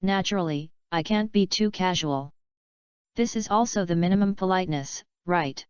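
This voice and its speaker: A calm, courteous young detective explaining a case, as a woman narrator reads him. Her voice stays low-ish and very smooth, with no change for the man. The sound is dry and a little muffled. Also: moderate pace, no echo, natural voice.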